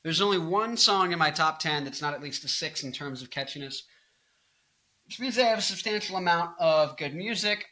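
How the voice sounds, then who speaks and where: Brief: early-20s male rock singer vlogging late at night, tired, zany, bright forceful voice. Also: on the high side, rough recording. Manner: zany, bursts into loud off-key singing and mock anger. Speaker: rock singer and guitarist, channel host. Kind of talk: casual talking-head music commentary.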